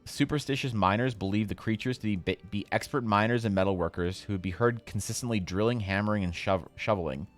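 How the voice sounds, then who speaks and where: During a casual drawing livestream, an artist with a fairly low voice banters with his chat, joking in mock outrage and occasionally bursting out loudly. He talks a little fast with few pauses while soft music plays faintly in the background.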